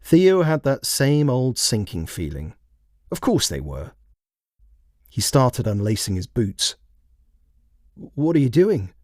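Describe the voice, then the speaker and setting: A man reading his own written story aloud in measured, plain scripted narration. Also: mid-range voice, big pitch swings, no echo, clean studio sound. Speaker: author and narrator.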